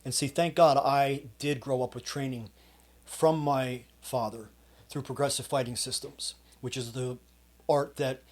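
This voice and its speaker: A man's voice: medium pitch, fairly even intonation, unhurried. A man, a coach hosting his own channel, telling a personal story to camera in an intense, emphatic way. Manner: intense, emphatic retelling with quoted shouts. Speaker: fitness coach and channel host.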